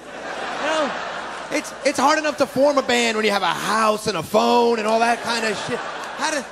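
A man's voice: very high voice, moderate pace, gravelly. A man doing a brash, profane stand-up comedy set on a club stage, with mocking put-on voices. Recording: live club recording with crowd noise. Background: audience laughter and applause.

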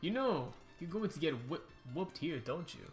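A young man hosting a casual let's-play, excitable and rambling, often restarting his sentences. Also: a little high, normal speed, faint music behind. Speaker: YouTube gaming host.

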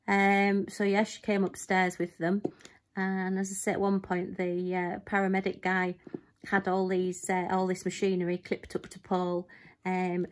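A middle-aged woman talks casually to her viewers, rambling through a story with ums and side remarks. Her voice sits low and stays fairly even, without much rise and fall. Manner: chatty storytelling with frequent ums and asides. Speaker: crafting channel host. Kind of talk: casual chat to camera.

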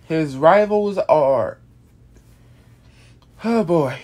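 Yawning and worn out, this creator rambles through a laid-back explainer about a monster character he made up, cursing casually and starting over often. The pitch is medium, the intonation lively, the pace a little slow, and the tone somewhat dark.

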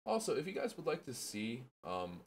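A man's voice: mid-range voice, wildly swooping pitch, moderate pace, slightly rough. A young man hosting a gaming channel, giving casual, chatty gameplay commentary full of fillers and enthusiasm.

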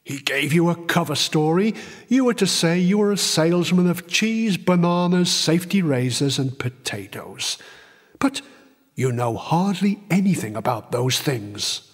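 A man doing a tired stern army major, slow and up and down, slightly husky, long echo on it. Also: a little high, expressive. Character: stern middle-aged male army major. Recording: long reverb.

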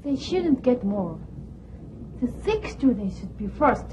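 A woman's voice: a little high, big pitch swings, slow pace, a little mellow, a little hiss or hum, low-quality recording. An actress playing an earnest female student who stands up for the sick. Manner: earnest, pleading. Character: caring female student, morally firm.

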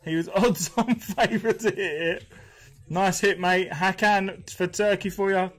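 A man's voice: sits high, fairly even intonation, a little slow, low-quality recording. A British man hosting a live stream, chatting casually, reading names aloud and chuckling often. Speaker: host.

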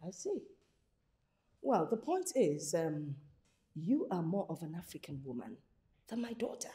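A woman's voice: on the low side, sing-song, unhurried, warm tone. An actress playing a theatrical African mother who nags young women about getting married. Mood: nagging. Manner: theatrical, wailing and laughing, nagging. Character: pushy dramatic African mother, older woman.

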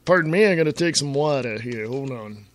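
A man hosting his own talk radio show, chatting in a rambling, casual way and clearing his throat often. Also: medium pitch, lively intonation, fairly quick.

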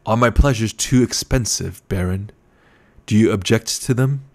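A man's voice: on the low side, normal speed, lightly acted. A man voicing a proud, venomous male advisor who talks in a tense, biting, defensive way.

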